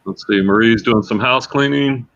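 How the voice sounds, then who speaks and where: A man's voice: mid-range voice, moderate pace, fairly bright tone, slight background noise. A man hosting a casual livestream, chatty and repeating words as he thinks aloud. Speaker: livestream host and reseller. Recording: slightly dull lo-fi sound.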